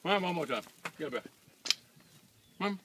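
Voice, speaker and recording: A man's voice: on the high side, animated, a little fast. A man at an outdoor ranch, chatting casually and coaxing animals in baby talk. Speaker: vlogger at a ranch. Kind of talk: casual chat while feeding animals. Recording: noisy outdoor recording.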